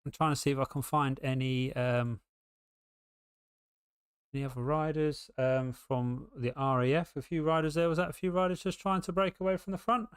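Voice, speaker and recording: A man's voice: fairly high pitch, moderate pace, smooth, no echo, studio quality. A British man giving casual live race commentary, rambling and full of ums and restarts.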